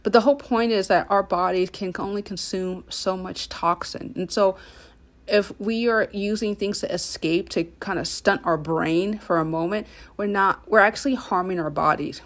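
A woman's voice: mid-range voice, normal speed. A woman hosting a solo self-care podcast, talking earnestly and encouraging the listener directly. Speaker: podcast host and coach.

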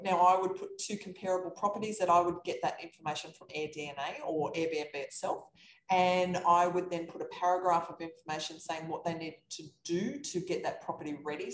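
A woman coaching real estate investors, talking in a lively, animated way on a live podcast chat over a video call. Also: lowish voice. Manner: energetic, animated storytelling. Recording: echoey room with faint background noise.

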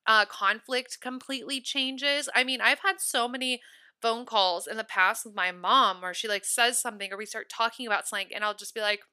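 A woman's voice: fairly high pitch, brisk, sharp tone, clean tone. A young woman in her twenties hosting a solo podcast, chatty and upbeat, full of "like" fillers. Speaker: podcast host. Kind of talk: casual solo podcast talk.

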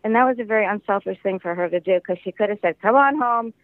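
Heard through a thin, tinny phone line, an older man from the American Midwest talks in a somewhat high voice. He is a chatty actor who tells stories with plenty of laughter, and the sound is close and dry. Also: racing, dry recording. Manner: chatty storyteller, laughs often. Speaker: guest actor. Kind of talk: casual interview over the phone.

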